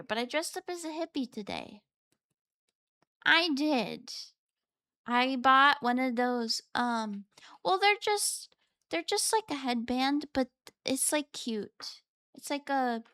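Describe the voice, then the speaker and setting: A woman with a high, slightly bright voice chats casually on a live stream, recorded with clean studio sound and no echo. Playful and chatty, she reads and answers her chat, meowing between replies.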